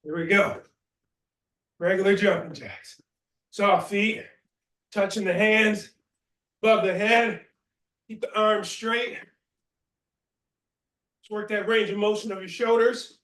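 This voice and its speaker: A man's voice: high-pitched, fairly even intonation, takes it slowly, long pauses, fairly bright tone, recorded from a distance. A man leading a workout class as fitness instructor, giving short cues and counting reps aloud, at times out of breath. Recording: roomy echo.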